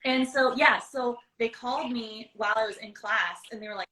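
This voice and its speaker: A woman voice actor in casual chat, telling animated stories, acting out lines of dialogue and laughing often. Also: a little high, moderate pace, poor audio.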